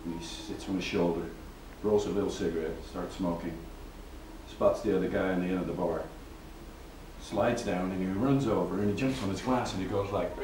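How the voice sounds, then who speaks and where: A man telling a joke as a lively story, raising his voice for quoted lines. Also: deep voice, recorded from a distance, a little hiss or hum. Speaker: joke teller. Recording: roomy, from off mic, faint ambience.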